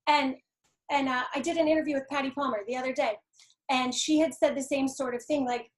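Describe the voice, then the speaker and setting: High-voiced, earnest woman. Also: fairly even intonation, a little fast. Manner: earnest, encouraging, acts out quotes. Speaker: guest artist and painting teacher. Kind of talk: conversational interview.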